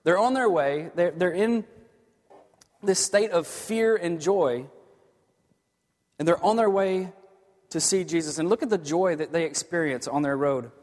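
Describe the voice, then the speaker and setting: A man preaching a sermon as a pastor, earnest, moving from hushed lines to emphatic ones. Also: a little high, measured pace, long pauses. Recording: long hall reverb.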